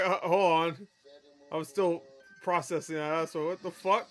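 A man's voice: a little high, fairly even intonation, a little slow, faint music behind. Laughing, swearing man reacting to memes. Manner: laughs often, swears freely, talks back at the clips. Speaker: meme reaction host. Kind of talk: casual reaction commentary.

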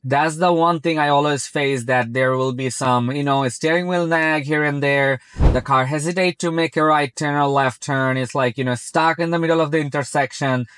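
Inside a moving car, a man whose first language isn't English talks casually about how his car drives itself, leaning often on "very" and "like." He has a fairly high, clear, resonant voice with fairly even intonation, a fairly bright tone and a moderate pace, recorded without echo.

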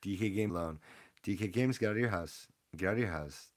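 Young man, low-ish voice, excitable rambling streamer giving shout-outs. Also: fast talker. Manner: excitable, rambling, hypes up the audience. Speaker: streamer opening trading card packs. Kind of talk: casual live-stream chat with viewer shout-outs.

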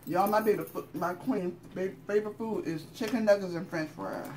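Chewing as she talks and laughing frequently, a mukbang host with a Southern US accent keeps up a casual chat while eating on camera. She has a mid-range, darkish voice at a moderate pace, and there is a little hiss or hum.

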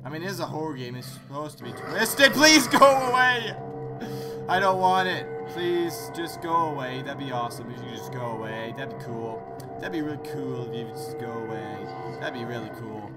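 A man hosting horror let's-play commentary, joking sarcastically and yelling in fright. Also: medium pitch, a little fast, loud music behind the voice. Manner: excitable, jokey, sarcastic, screams in fright. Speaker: gaming channel host.

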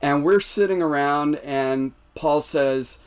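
An American man telling stories on a podcast, animated and laughing, with many restarts. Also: on the high side, slow, clear, resonant tone. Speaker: podcast guest. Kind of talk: casual storytelling.

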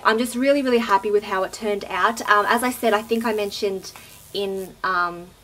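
An Australian woman in her twenties chats excitably to her camera, her voice sitting at a middle pitch. She fills her talk with "like" and rushes between thoughts. A faint hiss of noise runs under the recording. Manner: chatty, lots of "like" fillers, excitable. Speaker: beauty vlogger. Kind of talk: casual vlog chat. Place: in a car, then indoors at home.

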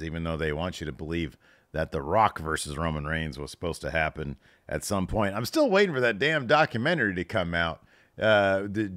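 A man's voice: low-pitched, fairly bright tone, dry recording, clean studio sound. A middle-aged man hosting a wrestling podcast, reacting in casual commentary with sarcastic, self-mocking outbursts.

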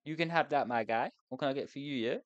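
A woman's voice: extremely low pitch, fast, no room sound, dull audio. A young woman giving frantic, exasperated let's play commentary with lots of swearing. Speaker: gaming YouTuber.

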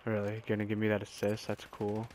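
A man's voice: fairly low pitch, completely flat delivery, brisk, background noise. A young man giving casual gameplay commentary as a gaming YouTuber, swearing and whooping at his kills.

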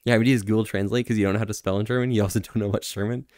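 A man's voice: on the low side, fairly even intonation, very fast, darkish tone, no room sound, studio quality. A man streaming casually, answering chat, laughing often and trying out phrases in other languages with self-deprecating humor.

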